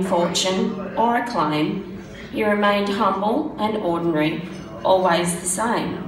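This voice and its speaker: A woman with a hoarse, croaky voice reads a written tribute in a steady, measured way. Her voice sits slightly low. She is heard from far off in a roomy hall, with faint ambience behind. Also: a little hiss or hum. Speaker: speaker reading tributes. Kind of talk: reading a prepared tribute. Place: function room. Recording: roomy sound from a distant mic.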